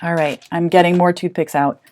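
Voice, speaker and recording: Woman, teacher, fairly low voice, chatty, encouraging, talks parents through a math activity. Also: steady tone, brisk, darkish tone. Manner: chatty and encouraging, thinks aloud.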